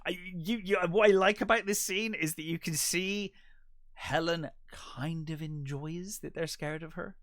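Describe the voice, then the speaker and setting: A man's voice: a little high, a little slow, fairly bright tone, no echo, clean studio sound. A man co-hosting a podcast, chatting casually and bluntly about a film, swearing freely. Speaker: podcast co-host.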